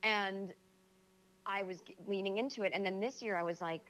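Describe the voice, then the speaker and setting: Woman, guest, mid pitch, reflective, hesitant, frank, casual chat. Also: normal speed, a bit bright. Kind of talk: casual conversation.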